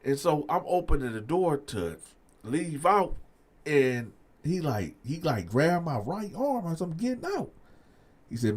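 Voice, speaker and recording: A man hosting a storytelling channel, telling a story to his viewers in a loose, slangy way and acting out both sides of the conversation. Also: measured pace. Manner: animated, acts out both sides of a story with raised pitch for himself; loose slangy delivery, addresses viewers as y'all.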